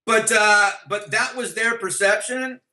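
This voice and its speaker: A middle-aged man with a bright, high voice tells stories as an interview guest. He talks bluntly and swears freely, acting out what others said, and often starts his sentences over. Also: steady tone, a little slow, poor audio. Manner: blunt and profane, with frequent restarts and acted-out dialogue. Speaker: interview guest, former band manager. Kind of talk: anecdotal storytelling in an interview.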